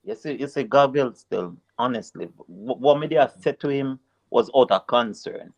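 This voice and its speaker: A man on a casual panel, laying out his reasoning calmly. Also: medium pitch, moderate pace, rough recording.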